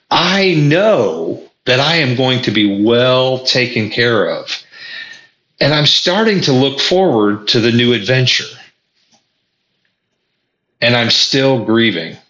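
A man's voice: medium pitch, sharp tone. Earnest man musing in an echoey room. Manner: earnest, repeats words often, stumbles on restarts. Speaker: vlogger. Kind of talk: reflective personal monologue. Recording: echoey room, dull lo-fi sound.

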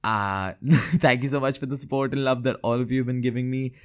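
A man's voice: mid-range voice, steady tone, a little fast, clear, resonant tone. A young man hosting a solo podcast episode, talking casually about current affairs, often stammering and repeating words and laughing at himself. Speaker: podcast host.

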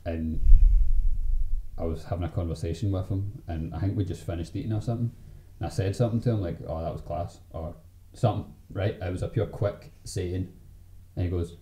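Brief: young Glaswegian man, low-pitched, casual sweary podcast chat, echoey room with faint noise. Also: brisk, warm tone. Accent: Glaswegian Scottish. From Scotland. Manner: swearing, laughs often. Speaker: podcast co-host. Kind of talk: casual chat over drinks.

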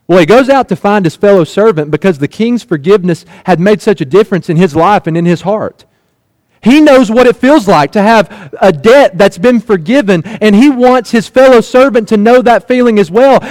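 Man, preacher, sermon, high voice, storytelling, rhetorical questions. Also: expressive, moderate pace, darkish tone, no echo. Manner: earnest, repeats phrases.

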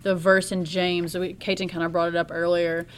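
Woman, lower voice, loose casual talk full of fillers, light noise behind. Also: normal speed. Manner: relaxed, filler-heavy speech with frequent "like" and "you know". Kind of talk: casual podcast conversation.

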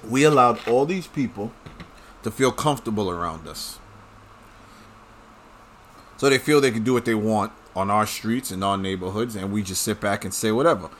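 A man's voice: lowish voice, normal speed, pauses often, fairly bright tone, slight background noise. A man talking straight to his audience in a casual, blunt and profane rant, full of strong opinions. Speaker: commentator. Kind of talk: casual ranting monologue.

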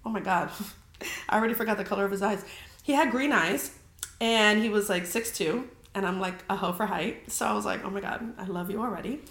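Speaking a little fast at medium pitch with a slightly bright tone, a young woman podcast host tells a story in casual conversation. Fillers like "like" and free swearing fill her speech, heard through a roomy echo.

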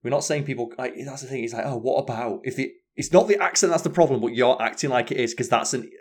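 A man's voice: medium pitch, animated, fast, slightly rough. A man co-hosting a stream in casual chat, blunt and swearing often.

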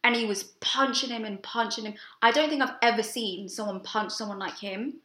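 A woman's voice: a little high, fairly quick. A young woman co-hosting a casual podcast, telling stories with plenty of swearing. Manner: storytelling, swears freely, animated when excited. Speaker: podcast co-host. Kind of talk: casual chat. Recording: roomy echo.

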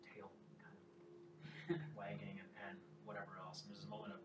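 A man running a tabletop game as game master, telling the story and breaking off for casual asides. He sounds far from the mic in a roomy space. Loud ambience sits behind him. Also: on the low side, monotone, moderate pace, very noisy.

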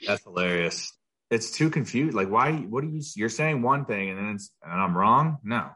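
Young guy podcast cohost, lowish voice, chill, laughs a lot. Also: lively intonation, moderate pace, sharp tone, husky. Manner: laid-back, laughs easily. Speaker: podcast co-host. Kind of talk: casual podcast chat.

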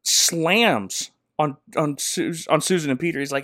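A man's voice: fairly high pitch, unhurried, bright, forceful tone, dry recording, clean studio sound. A man recapping a movie in a sarcastic, rambling comedic style, laughing often.

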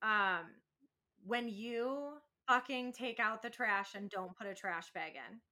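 A woman's voice: medium pitch, takes it slowly, bright, forceful tone. A young adult woman co-hosting a podcast in casual chat, blunt, swearing freely and laughing often. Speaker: podcast co-host.

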